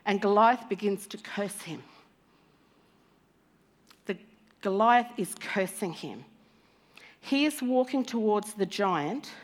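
A woman preacher retelling a Bible story in a sermon with animated storytelling, acting out the lines of the people in it. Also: mid-range voice.

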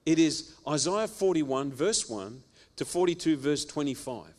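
A male pastor preaching a sermon, emphatic and repetitive, swinging from loud exclamations down to quiet, low phrases. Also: expressive, a little slow.

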